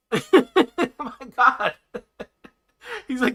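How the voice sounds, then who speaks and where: A man's voice: sits high, lively intonation, moderate pace, pushed and bright. A man hosting a livestream, reacting to news clips with sarcastic commentary and frequent laughter. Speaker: livestream host.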